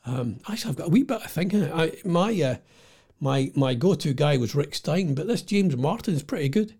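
A man's voice: a little high, expressive, a little fast, mellow, breathy edge. An older Scottish man chatting at home in a casual, digressive monologue, often losing his thread. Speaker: vlogger.

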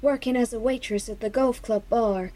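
A woman's voice: a little high, steady tone, moderate pace, warm tone, lightly acted. A woman voicing a brassy, sassy young American fiancée in a comedy audio drama, with an American accent.

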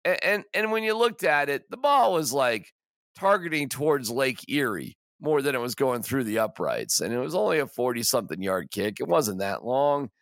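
A man's voice: medium pitch, very animated, normal speed, a bit bright, dry recording, studio quality. A man hosting a sports podcast, ranting in an exasperated, emphatic way with stammering restarts. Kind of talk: casual sports rant.

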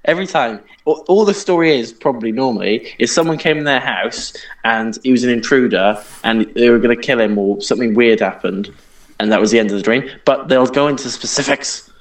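A man's voice: mid-range voice, a little fast, poor audio. A young man co-hosting a podcast, ranting in exasperation about pet peeves with frequent laughter. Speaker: podcast co-host. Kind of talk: casual podcast chat.

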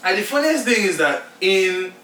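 Nigerian man, bright voice, roomy echo. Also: high voice, moderate pace. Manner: animated, laughing, restarts often. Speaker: podcast co-host. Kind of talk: casual chat. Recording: echoey room, a little far from the mic, faint noise.

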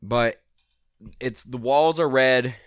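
A man's voice: medium pitch, slow pace, clear, resonant tone. A man co-hosting a podcast, trading crude jokes and laughing often as he eggs on his partner. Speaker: podcast co-host. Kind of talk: crude comedic banter.

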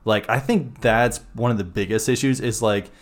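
A young man hosting a casual podcast chat, loose and slangy, quick to laugh. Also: lowish voice. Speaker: podcast host.

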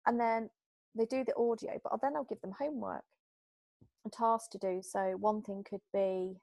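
A woman from Britain, a hypnotherapist guest in an interview, talking in a chatty, lively way and acting out little exchanges. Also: mid-range voice, moderate pace, vocal fry, dry recording. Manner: chatty, animated, acts out little quoted exchanges. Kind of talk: casual interview talk.

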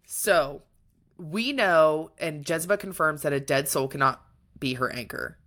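A woman's voice: low voice, measured pace. A woman co-hosting a book podcast, retelling a plot in casual chat with lots of feeling. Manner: animated, retelling plot with emotion. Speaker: podcast co-host.

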